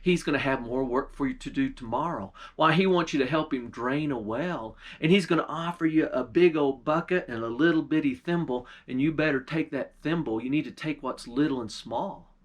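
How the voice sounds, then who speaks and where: A man voicing a kind, helpful young country girl in a folk tale who talks softly and confidingly. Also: medium pitch, moderate pace, hardly any pauses, lightly acted. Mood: urgent.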